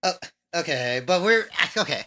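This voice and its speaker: Podcast co-host, male: bright, mid pitch, giggly, the voice of reason against his partner. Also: lively intonation, moderate pace. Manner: laughs often, pushes back in a reasoning tone. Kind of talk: casual podcast banter.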